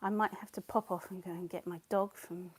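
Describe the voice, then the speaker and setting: A woman's voice: on the low side, steady tone, a little fast, husky. A woman chatting casually on a live stream at home, greeting viewers by name and giggling as she paints. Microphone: clip-on mic.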